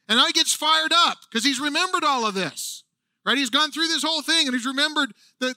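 A man preaches a sermon with an earnest, animated delivery. His voice is very high and bright, with a ringing edge. The sound is dry and close. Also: dry recording. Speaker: pastor.

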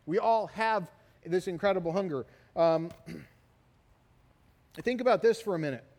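A middle-aged man preaching a sermon, telling stories in an animated way and often asking "right?". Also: high voice, unhurried. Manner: animated storytelling, repeated "right?" tags. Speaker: pastor. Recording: long hall reverb.

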